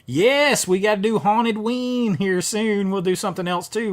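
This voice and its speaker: A man with a high, fairly bright voice speaks at a measured pace, with hardly any pauses. He's hosting a horror movie livestream, casually reading comments from viewers and rambling with fillers and restarts.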